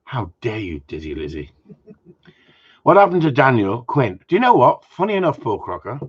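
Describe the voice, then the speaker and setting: A man's voice: mid-range voice, very animated, normal speed, breathy edge, highs cut off. A man who trains dogs, hosting a live Q&A and answering viewers' comments in a blunt, jokey way, swearing freely as he goes.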